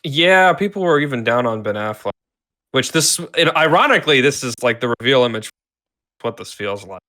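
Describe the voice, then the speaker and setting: Easygoing guy in a casual chat, chuckles a lot, trails off quiet. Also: mid-range voice, expressive, moderate pace. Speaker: podcast co-host.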